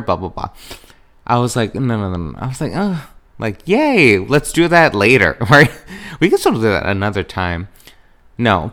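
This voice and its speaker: A young man hosting a podcast in a chatty, rambling way, jumping into high excited tones when he quotes himself. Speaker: podcast host. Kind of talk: casual chat.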